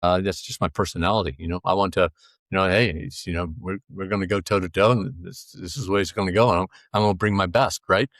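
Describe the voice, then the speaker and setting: Low-voiced, determined man, dry close sound. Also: fairly even intonation, quick pace, fairly bright tone, no room sound. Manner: reflective and determined, heavy use of "you know". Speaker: podcast guest, author. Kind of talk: casual interview conversation.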